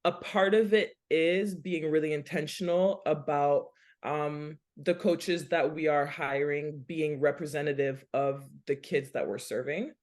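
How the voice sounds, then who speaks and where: A woman's voice: low-pitched, steady tone, a little slow, few pauses, darkish tone. Earnest woman guest explaining at length. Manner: earnest and explanatory, lists things in runs. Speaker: basketball nonprofit director, podcast guest. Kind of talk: casual interview talk.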